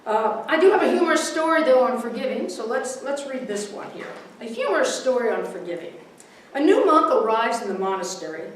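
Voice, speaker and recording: This woman's voice is a little high, with big pitch swings and a brisk pace. As a minister, she gives a casual, warm sermon mixing readings and a humorous story, laughing at her own jokes. Recorded distantly in a large, very echoey hall with a congregation, with slight background noise.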